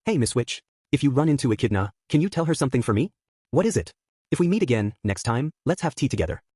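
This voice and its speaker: A man's voice: mid-range voice, big pitch swings, quick pace, dark tone, slightly rough, dry recording, clean studio sound. A man voicing an earnest, kind young half-elf heroine in an audiobook reading.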